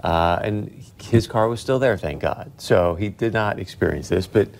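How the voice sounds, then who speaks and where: A man's voice: on the low side, normal speed, creaky. A man co-anchoring a local TV newscast, teasing his partner and telling jokey stories between items. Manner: teasing, jokey, tells anecdotes. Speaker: TV news anchor. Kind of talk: casual on-air banter between news stories. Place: TV news studio.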